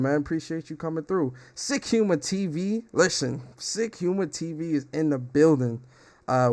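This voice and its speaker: Young man, livestream podcast host, slangy, hyped, shouting out viewers, desktop mic. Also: a little high. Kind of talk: casual livestream chat. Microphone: desktop streaming mic.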